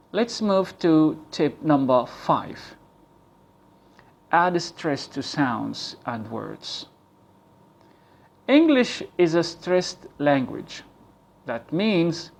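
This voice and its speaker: A man teaches English pronunciation at an unhurried, careful pace. His voice sits somewhat high for a man. He repeats key points and sounds out example words slowly. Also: gravelly. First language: Arabic. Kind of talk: slow, deliberate pronunciation lesson.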